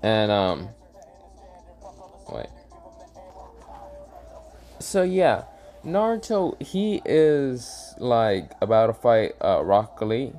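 A man's voice: mid-range voice, very animated, extremely slow, pauses often, darkish tone, soft background music. A man casually retelling an improvised fan story, rambling with lots of fillers, stumbling over names and correcting himself. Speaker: YouTube storyteller.

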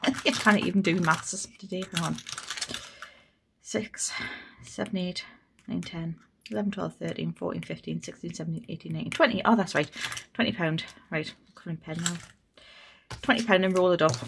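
A woman's voice: lowish voice, gravelly, background noise. Geordie woman chatting through her budget. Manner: chatty, thinking aloud, counting under her breath. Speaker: budgeting vlogger host. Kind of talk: casual vlog chat while cash stuffing.

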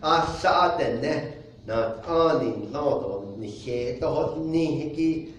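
A pastor delivers a deliberate, unhurried sermon, pausing for soft chuckles as he explains his points. His voice comes from a distance into a strongly echoing space, with faint noise underneath. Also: on the high side. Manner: measured preaching with soft chuckles. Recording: very echoey room, distant mic.

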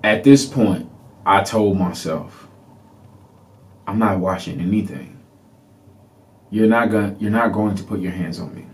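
Guy with a lowish voice telling his own story on his podcast, animated. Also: moderate pace. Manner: animated, laughing, reenacts people. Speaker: podcast host. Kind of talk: personal storytelling.

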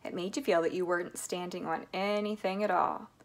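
A woman reading a children's book aloud in a lively, expressive way. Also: fairly low pitch, fairly quick. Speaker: reader.

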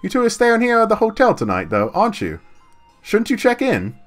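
A man's voice: sits high, wildly swooping pitch, faint music behind, pitched above the performer's own voice. Give me a clumsy posh British game character, put on by a man. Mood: mock posh. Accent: attempted posh British. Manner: self-conscious, halting imitation.

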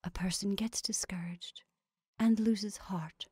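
A woman voicing a nervous, timid sheriff's wife who speaks in a hushed, shrinking whisper. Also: mid-range voice, fairly even intonation, takes it slowly, breathy edge, big-room sound. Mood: hushed, sad. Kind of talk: reading a short story aloud.

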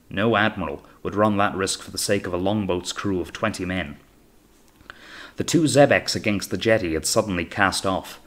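A man reading an audiobook as narrator in a steady, measured way. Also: fairly low pitch. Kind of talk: scripted narration.

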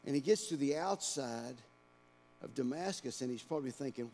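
A male pastor preaching a dramatic sermon in a church, swinging between hushed lines and shouted ones. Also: mid-range voice, animated, moderate pace. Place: church sanctuary. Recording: long church-hall reverb.

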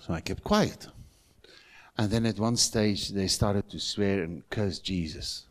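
Preaching in a church, this middle-aged South African man tells stories and builds to emphatic, rising calls. He is a pastor with a fairly low-pitched voice and a slow delivery.

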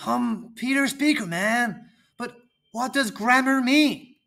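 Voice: medium pitch, slow, vocal fry, a bit bright. A performer voicing a laid-back, curious surfer-dude student who asks questions in casual slang, in a children's educational roleplay.

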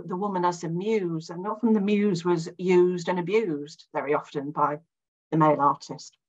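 A woman's voice: mid-range voice, highs cut off. A middle-aged woman, an academic giving an anecdotal slide talk, chatty and full of restarts. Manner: chatty storyteller, frequent restarts, acts out quoted voices.

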